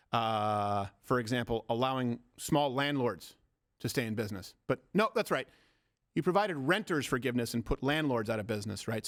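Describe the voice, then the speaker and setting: A man hosting a political comedy show, ranting sarcastically in rapid-fire rhetorical questions. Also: medium pitch. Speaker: host.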